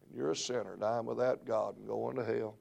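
A middle-aged man preaching a revival sermon in church, swinging between low murmurs and shouted peaks. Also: little pitch movement, fairly quick, vocal fry. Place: church sanctuary.

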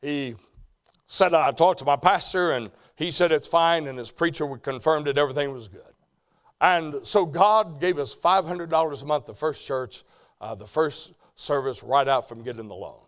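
Folksy preacher swinging from hushed to shouting. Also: male voice, fairly high pitch, moderate pace. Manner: folksy, swings from quiet storytelling to loud shouting. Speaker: preacher and ministry president. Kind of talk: storytelling sermon.

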